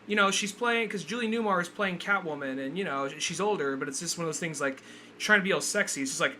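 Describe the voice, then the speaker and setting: A man's voice: sits high, fast talker, pushed and bright, a little hiss or hum. A man co-hosting a podcast, chatting casually about a film in a loose, rambling way with lots of fillers and swearing. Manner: loose, rambling, full of "like" and profanity. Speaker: podcast co-host. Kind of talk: casual movie review chat.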